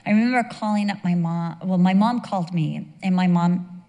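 In a large hall with long reverb, a woman in her fifties gives an emotional, sermon-style testimony, acting out dialogue as she tells her story. Her voice is lowish and mellow, and she keeps a moderate pace.

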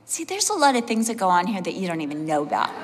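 A woman pastor preaching a sermon, telling animated personal stories and acting out the voices of the people in them. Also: medium pitch, fast, a little hiss or hum. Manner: animated storyteller, acts out voices, laughs along. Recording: long hall reverb.

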